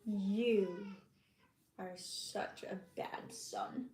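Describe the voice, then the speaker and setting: A woman's voice: mid-range voice, fairly even intonation, very slow, darkish tone. A woman co-hosting a casual livestream chat, teasing playfully. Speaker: co-host. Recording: echoey room with faint noise.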